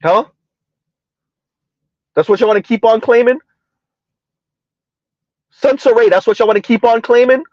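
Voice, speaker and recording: High-voiced man mocking in rhetorical questions. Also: a little slow, pauses often, no echo, dull audio. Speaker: commentary video host. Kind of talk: reaction commentary.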